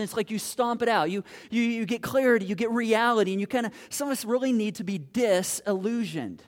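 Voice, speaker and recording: A middle-aged man preaching a sermon as pastor, animated and full of restarts, dropping low for quoted lines.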